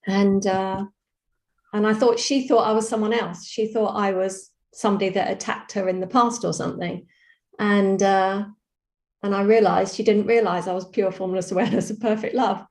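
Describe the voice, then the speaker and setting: A woman calmly telling a personal story on a video call, reflective and full of fillers. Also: mid-range voice, moderate pace. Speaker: program participant sharing a story. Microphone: video call microphone. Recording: roomy echoey video call audio.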